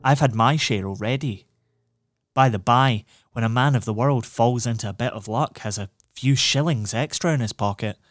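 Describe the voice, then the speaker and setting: A man doing a calm, cynical schemer. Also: mid-range voice, no room sound, studio quality, natural voice. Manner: calm, smooth, lecturing. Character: cool, persuasive male schemer, cynical. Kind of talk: audiobook reading.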